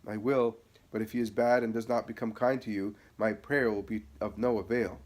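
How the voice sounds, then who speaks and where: A man reading the part of a calm, gentle teacher speaking patiently to a child. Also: lowish voice, moderate pace, natural voice.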